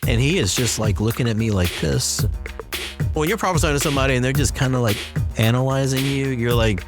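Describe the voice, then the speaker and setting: A man's voice: medium pitch, fairly quick. A man casually telling a personal story and acting out the dialogue. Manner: animated, acts out quoted dialogue. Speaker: storyteller guest. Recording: music bed behind. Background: music.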